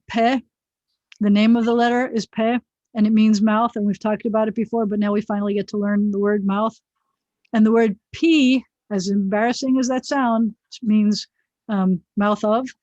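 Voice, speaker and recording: A woman's voice: mid-range voice, darkish tone, no room sound. A middle-aged woman rabbi leads an online biblical Hebrew class, explaining each word and drifting into friendly asides. Her voice comes over a dull, dry video-call connection.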